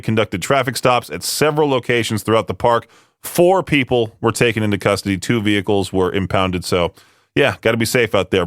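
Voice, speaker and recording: A man's voice: on the low side, a bit bright, clean tone, no echo. Chatty radio host in his twenties. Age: late 20s. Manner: chatty, rambling, self-amused. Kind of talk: casual radio talk. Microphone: studio microphone. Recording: dry close studio sound.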